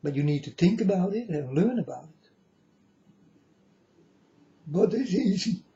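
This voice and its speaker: A man putting on a high, singsong voice that he says sounds like an eighty-year-old man. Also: expressive, unhurried, mellow. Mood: boastful. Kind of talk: showing off a put-on voice. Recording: dull lo-fi recording.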